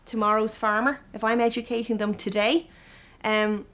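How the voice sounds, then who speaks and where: Lively Irish woman, farm safety teacher. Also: a little high, moderate pace. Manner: lively, talks to children with questions. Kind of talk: documentary interview and classroom talk.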